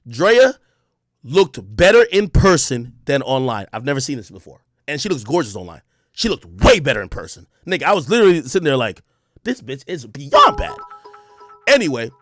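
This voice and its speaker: Excitable man telling a story on stream. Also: mid-range voice, no echo, studio quality. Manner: excitable, profane, shouts when reenacting moments.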